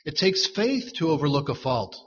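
A man preaching a sermon in a measured, emphatic way, repeating words to stress them. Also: on the high side, big pitch swings, a bit bright, breathy edge, highs cut off.

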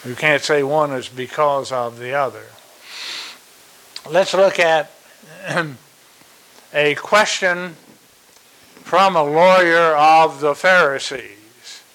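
Slow, deliberate man preaching a sermon. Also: a little high, bright, forceful tone, poor audio. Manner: slow and deliberate, with repeated emphasis and fillers.

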